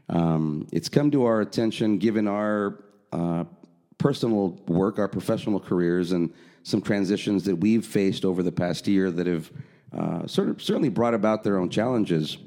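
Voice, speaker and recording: A man's voice: on the low side, warm tone. A man co-hosting a casual podcast, talking loosely with fillers and easy laughter. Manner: conversational, frequent fillers, laughs easily. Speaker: podcast co-host.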